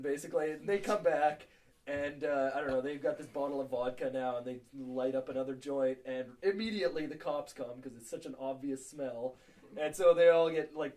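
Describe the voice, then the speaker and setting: A man's voice: fairly high pitch, darkish tone. A young man co-hosting a podcast, telling a story in casual chat and laughing often. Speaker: podcast co-host.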